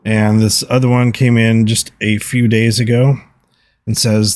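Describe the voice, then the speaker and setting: A man's voice: fairly low pitch, flat delivery, unhurried, darkish tone. A man hosting a podcast alone, speaking in an earnest, reflective way as he reads out listener comments. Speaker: podcast host. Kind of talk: solo podcast talk, reading listener comments.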